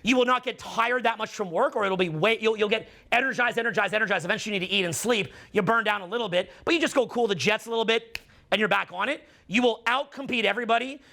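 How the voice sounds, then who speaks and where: A middle-aged man giving an intense, preachy motivational monologue, swearing and slowing down to stress his points. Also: high voice, vocal fry, sharp tone. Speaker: dating and social skills coach.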